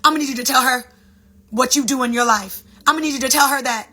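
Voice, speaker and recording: A woman voicing God, calm and matter-of-fact, giving direct instructions in a lower, softer tone. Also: fast talker. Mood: instructing.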